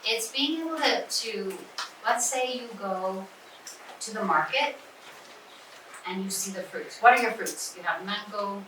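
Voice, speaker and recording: A woman trainer talks teachers through reading instruction, leaning on repeated key words. She is picked up from across a hall with heavy echo. A steady hiss sits under her voice. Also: medium pitch, measured pace, long pauses. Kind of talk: workshop talk with questions. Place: conference room. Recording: echoey room from far off, noisy.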